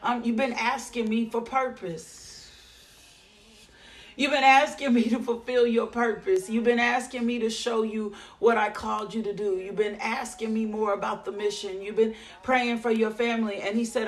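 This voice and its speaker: A woman preaching a devotional sermon in a rhythmic, repetitive style with drawn-out phrases. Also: on the high side, little pitch movement.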